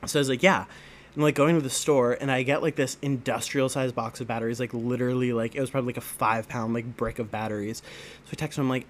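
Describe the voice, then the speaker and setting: Chatting casually as a podcast co-host, a man spins rambling, laughter-filled stories heavy on fillers. His mid-range voice stays fairly even and he talks fast, with a little hiss or hum in the audio.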